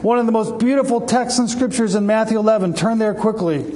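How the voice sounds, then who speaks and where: A man's voice: high-pitched, fairly even intonation, a little fast, dark tone. A man preaching a sermon with passion, raising his voice when he quotes scripture and sometimes restarting a phrase. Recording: long reverb, faint background noise.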